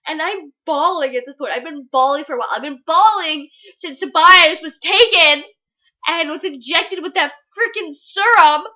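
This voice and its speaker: A woman's voice: sits high, sharp tone, poor audio. A young woman giving a casual book review vlog, gushing, giggly and rambling.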